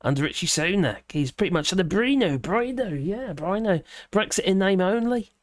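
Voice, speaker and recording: A woman's voice: medium pitch, animated, moderate pace, no room sound, studio quality. Sarcastic woman reading with mocking asides. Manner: sarcastic, mocking asides between read passages; rambling with many fillers and hesitations. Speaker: livestream host. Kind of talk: reading a news article aloud with commentary.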